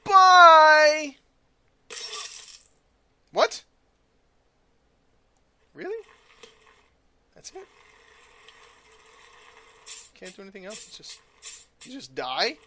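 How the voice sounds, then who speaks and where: A man doing gameplay commentary, with loud exaggerated outbursts, yelling and groaning as his character dies. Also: extremely high pitch, huge pitch swings, extremely slow, long pauses, heavy background noise. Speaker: let's player.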